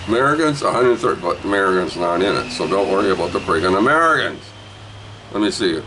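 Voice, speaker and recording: A man rambling through a jokey casual sales pitch for a comic book, dropping to low mutters and jumping up to loud hype. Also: very animated, a little fast, a little hiss or hum, poor audio. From Canada. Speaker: vlogger auctioning a comic book.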